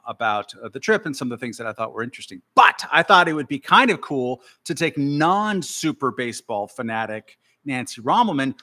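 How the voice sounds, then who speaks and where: Halting American man co-hosting. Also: on the high side, pushed and bright. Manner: halting, filler-heavy, playful. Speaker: podcast co-host. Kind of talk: casual live chat.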